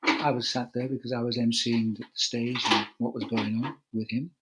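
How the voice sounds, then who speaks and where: A man's voice: medium pitch, little pitch movement, moderate pace, heavy background noise. An older man, a veteran cycling commentator, telling a long anecdote in a chatty way on a video call and acting out the quoted lines. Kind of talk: relaxed anecdotal storytelling.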